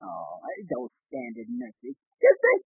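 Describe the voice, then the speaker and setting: An actor playing an excitable, bumbling young husband and father who blusters and fusses, in 1940s radio sitcom style. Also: creaky, husky, no room sound, full character voice. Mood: blustering. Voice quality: high, fussy, quick to bluster. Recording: tinny old 1940s radio broadcast.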